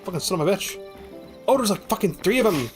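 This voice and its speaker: A man streaming a game live, swearing often and shouting at monsters, with dry joking asides in between. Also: sits high, lively intonation, quick pace, music in the background. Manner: exasperated, swears a lot, yells at game monsters. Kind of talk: live gameplay commentary.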